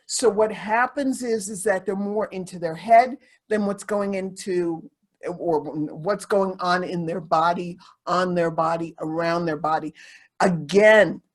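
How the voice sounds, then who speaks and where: A woman speaking candidly and confessionally as a podcast guest, circling back and repeating phrases as she talks. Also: medium pitch. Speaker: podcast guest, sensuality teacher. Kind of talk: candid conversational podcast talk.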